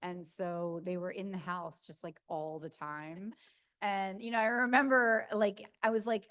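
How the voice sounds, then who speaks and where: A middle-aged woman with a South Jersey accent fields audience questions at a book event. Her voice sits low with a gravelly edge, and she tells her stories in a loose, chatty way with plenty of fillers and laughter. The sound comes from a video call recording of the room. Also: steady tone, fairly quick, fairly bright tone. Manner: chatty storyteller, laughs often, many fillers. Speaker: author answering audience questions. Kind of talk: casual Q&A talk. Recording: Zoom capture of a room talk.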